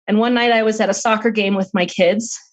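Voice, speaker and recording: A middle-aged woman talks as a guest on an interview podcast, recounting a personal story in an earnest, open manner. Her pitch sits in the usual middle range for a woman, and she often breaks into light laughs. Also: steady tone, brisk, poor audio. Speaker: author and guest.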